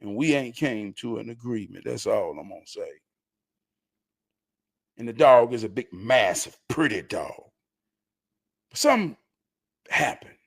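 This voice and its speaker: A man hosting his show, telling a story with animated delivery that swings from low mutters to loud excited shouts. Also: unhurried, creaky, pauses often, slightly rough.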